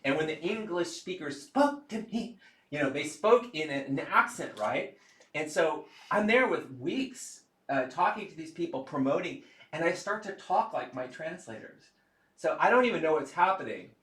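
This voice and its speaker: A man hosts a relaxed livestream, talking off the cuff and stopping now and then to work the computer. His voice is bright and forward. The room around him has a clear echo. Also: fairly high pitch, moderate pace. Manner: chatty, laughing and fumbling with the computer as he talks. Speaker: livestream host and game creator. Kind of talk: casual livestream chat.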